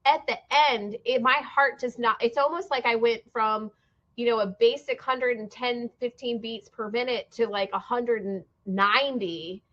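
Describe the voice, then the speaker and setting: A woman's voice: on the high side, normal speed, a bit bright, muffled recording. A woman hosting a podcast, speaking earnestly and reflectively in casual conversation. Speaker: podcast host.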